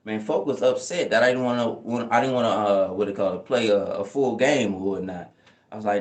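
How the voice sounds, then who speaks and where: A young man talks off the cuff on a live stream, his slangy, winding sentences full of fillers and checks with his listeners. His voice sits on the low side. The room around him rings with noticeable echo. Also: a little fast. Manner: laid-back slang-heavy rambling, frequent "you know what I'm saying". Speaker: channel host answering live chat. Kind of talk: casual livestream chat. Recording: echoey room.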